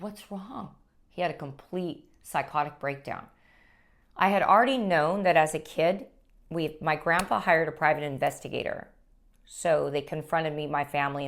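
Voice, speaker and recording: A woman sharing her personal story as a guest, speaking earnestly and haltingly, with frequent restarts. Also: low-pitched. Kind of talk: personal testimony.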